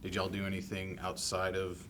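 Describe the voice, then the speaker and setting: Guy interviewer, really deep voice, rambly casual questions, slight rumble. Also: completely flat delivery, normal speed, a bit bright.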